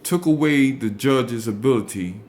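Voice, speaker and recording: Man, mid-pitched, lecturing on legal rules in a measured, emphatic read, with faint hiss behind him. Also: a little mellow. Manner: deliberate, emphatic, repeats key words. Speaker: legal explainer. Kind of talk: instructional talk reading statutes aloud.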